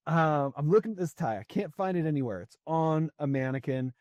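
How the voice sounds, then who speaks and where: Laughing a lot and leaning on fillers, a sales coach in his forties chats through a story as a podcast guest. His voice is fairly high and slightly mellow, with lively intonation and a fairly quick delivery. The audio has no echo but sounds muffled.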